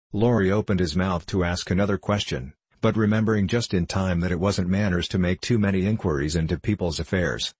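A man reading a story aloud as an audiobook narrator, in a steady, even storytelling manner. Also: deep voice, husky, dry recording.

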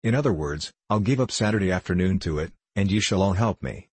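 A man's voice: deep voice, lively intonation, a little fast, breathy edge, dry recording. A man voicing a hearty storybook father. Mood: cheerful. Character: cheerful, clever Edwardian father, middle-aged man.

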